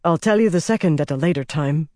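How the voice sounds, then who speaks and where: A man reading an audiobook, voicing a stern, composed soldier general in a steady, measured way. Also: fairly high pitch, no room sound, studio quality, lightly acted.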